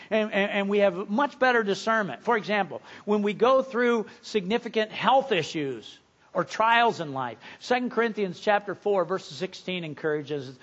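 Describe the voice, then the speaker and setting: A pastor in his fifties delivers a sermon in a fairly high male voice. He preaches earnestly and climbs louder and higher when he drives a point home. The recording sounds a little dull and lo-fi. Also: lively intonation, moderate pace.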